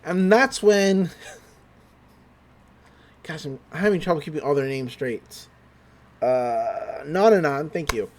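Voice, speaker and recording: A man's voice: a little high, takes it slowly, pauses often, a little hiss or hum. A young man on a podcast, casually recapping an anime episode with loose paraphrased quotes and lots of fillers. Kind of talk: casual chat.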